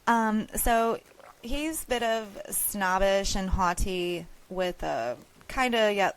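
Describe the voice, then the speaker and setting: An American woman co-hosting a casual movie-review podcast, relaxed and a little hesitant. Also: medium pitch, takes it slowly, smooth. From United States. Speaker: podcast co-host.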